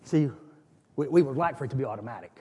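A man preaching a sermon as pastor, with animated storytelling that acts out scenes. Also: medium pitch, quick pace, breathy edge. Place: church. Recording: long reverb of a church hall.

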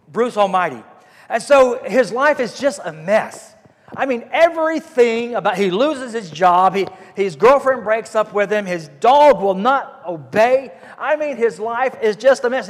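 A man preaching a sermon as pastor, folksy and emphatic, repeating his phrases for weight. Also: sits high. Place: church hall. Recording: echoey hall reverb.

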